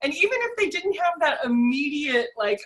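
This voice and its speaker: Woman host with a high, bright, forceful voice; lively storyteller in a relaxed interview chat. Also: moderate pace, a little hiss or hum. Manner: animated storyteller who acts out quotes. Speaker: podcast host and sound therapist.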